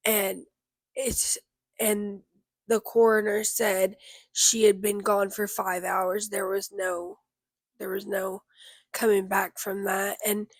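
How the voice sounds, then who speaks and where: Grieving young woman speaking slowly. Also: a little high, no room sound. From Kentucky, USA. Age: 20s. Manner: grieving, halting, with many restarts. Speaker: vlogger. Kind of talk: personal vlog talk to camera.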